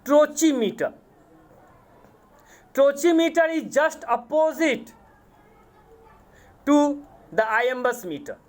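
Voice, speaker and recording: A man with an Indian accent, a college English lecturer giving a lecture, speaking deliberately, repeating terms and spelling words out letter by letter. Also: very high voice, animated. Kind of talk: classroom lecture on poetic meter.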